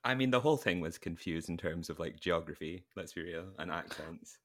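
Deep-voiced young man, wry. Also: brisk. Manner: wry, deadpan quips. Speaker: podcast co-host. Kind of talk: casual chat.

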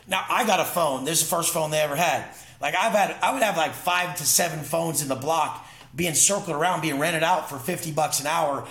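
A man's voice: a little high, fairly quick, vocal fry, few pauses, fairly bright tone, reverberant. A man talking as an interview guest, intense and profane, telling emphatic stories in casual conversation. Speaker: podcast guest.

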